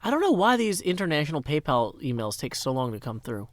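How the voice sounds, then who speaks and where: A man's voice: a little high, sing-song, quick pace, no room sound. Rambling joking male game streamer. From Tennessee, US. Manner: rambling, joking, thanks donors aloud. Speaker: gaming livestreamer. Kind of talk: casual livestream chat while playing.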